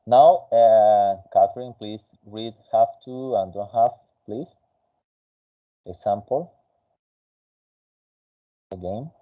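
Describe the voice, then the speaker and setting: A man's voice: fairly low pitch, takes it slowly, long pauses, phone-quality sound. A man teaching an English class, patiently coaching a student with many fillers and restarts.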